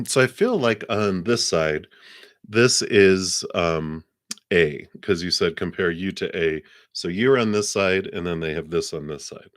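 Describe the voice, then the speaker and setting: A man's voice: low-pitched, unhurried, no room sound, studio quality. A middle-aged man hosting a live tarot card reading, chatting casually with viewers and thanking donors. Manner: relaxed and chatty, thanks donors, many fillers.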